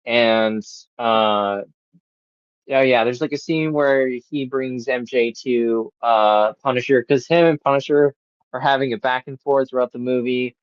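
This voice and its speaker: A man's voice: mid-range voice, fairly even intonation, a little slow, clear, resonant tone, no echo, muffled recording. A man hosting a podcast, reviewing a movie in casual chat, rambling with lots of fillers and swearing. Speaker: podcast host.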